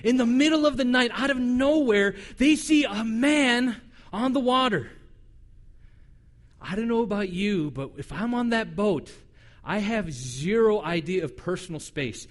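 A man pastor delivering a sermon, telling the story in an animated, conversational way. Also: high voice, measured pace.

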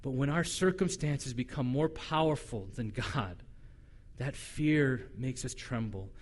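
A male pastor preaching a sermon in a conversational, humorous way, animated and acting out the voices he quotes. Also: medium pitch, a little slow.

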